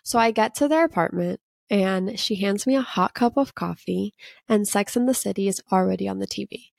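A woman's voice: medium pitch, moderate pace, creaky, darkish tone, no room sound, studio quality. A woman in her thirties from Miami, a podcast co-host telling a long story in casual chat, full of "like" fillers. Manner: chatty storytelling with many "like" fillers.

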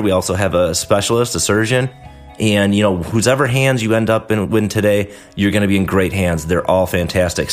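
A man hosting a podcast, talking casually and acting out quotes from patients and staff as he explains how a dental office runs. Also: on the low side. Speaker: podcast host, dentist. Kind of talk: casual instructional talk.

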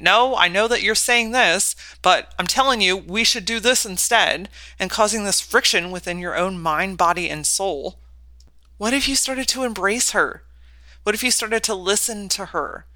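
Woman podcast host, bright and dry, motivational monologue with rhetorical questions. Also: on the low side, dry recording.

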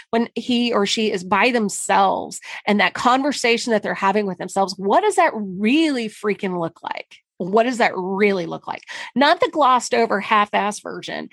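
A woman's voice: mid-range voice, no echo. A middle-aged woman hosting a casual solo podcast, talking candidly and emphatically, with mild swearing. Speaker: podcast host and marketing consultant.

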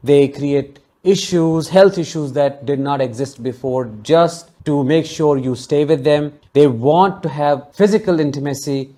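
Earnest man with a fairly high voice. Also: unhurried, hardly any pauses. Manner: earnest, emotionally charged storytelling; warm, consoling sign-off to listeners. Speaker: podcast host. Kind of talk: solo podcast monologue.

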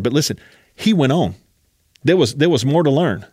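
A man's voice: a little high, lively intonation, normal speed, a little mellow, slightly rough, no echo, clean studio sound. A man preaching a sermon as a personal story, emphatic and often urging his listeners to listen.

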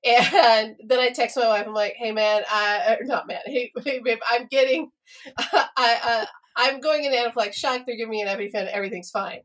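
A woman tells a story to her co-host in loose, casual podcast chat. Her voice sits a little high, and she laughs and swears as she acts out what everyone said. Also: brisk, fairly bright tone.

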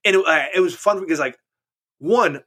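A man's voice: high-pitched, normal speed, sharp tone, slightly rough. A man co-hosting a casual chat, rambling and profane, restarting his sentences often while telling anecdotes.

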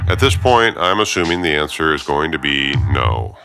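A man narrating a first-person story, sardonic and profane, swinging between hushed reflection and heated rants. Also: extremely low pitch, big pitch swings, normal speed, creaky. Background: loud guitar music.

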